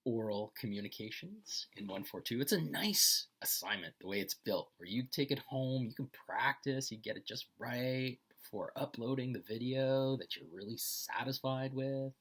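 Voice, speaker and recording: Male instructor, breathy and bright-toned, lively pitch, unhurried lecture delivery. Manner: slow, deliberate, enunciating phrases. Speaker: college instructor. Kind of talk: recorded lecture commentary.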